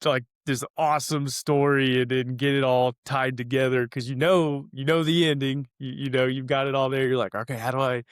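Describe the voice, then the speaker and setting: A man's voice: medium pitch, fairly even intonation, moderate pace, few pauses, clear, resonant tone, no room sound, studio quality. A man hosting a podcast interview, speaking casually and with enthusiasm. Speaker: podcast host.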